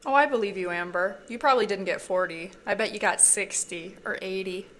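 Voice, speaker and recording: Woman commentary host, mid-pitched, dry and mocking in her delivery. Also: fairly quick, fairly bright tone. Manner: mocking, amused, sarcastic. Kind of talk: reaction commentary.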